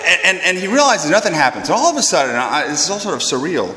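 Brief: male priest storyteller, slightly high voice, lively and self-mocking, long hall reverb. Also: fast talker, noisy background. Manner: animated, self-deprecating, stumbling repeats. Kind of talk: storytelling anecdote.

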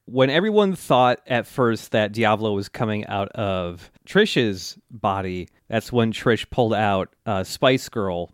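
A man's voice: on the low side, expressive, a little slow, hardly any pauses, no room sound, studio quality. A man co-hosting a podcast, recapping an anime in casual chat, swearing freely and acting out characters' lines. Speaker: podcast co-host.

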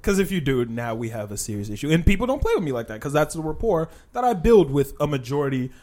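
A man talks in a casual podcast chat, his voice sitting somewhat high and swinging up and down with real animation. He swears freely and slips into quoted voices as he tells stories. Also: big pitch swings, quick pace, a little mellow.

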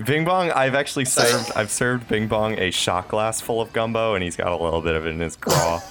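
A man's voice: lowish voice, brisk, a bit bright, soft background music. A man playing a tabletop game, describing his character in a rambling, self-amused way and swearing freely. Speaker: player. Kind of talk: casual tabletop role-play.

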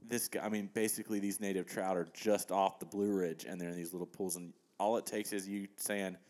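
Low-voiced man telling a fishing story. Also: fairly quick. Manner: animated storytelling with laughs and quoted asides. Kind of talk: casual storytelling chat.

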